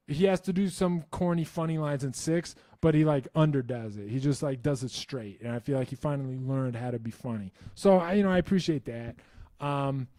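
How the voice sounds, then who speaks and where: Recorded at studio quality with no room sound, a warm, fairly high male voice runs a laid-back live stream. He fields viewers' questions in a wandering, self-interrupting style, wryly enthusiastic throughout.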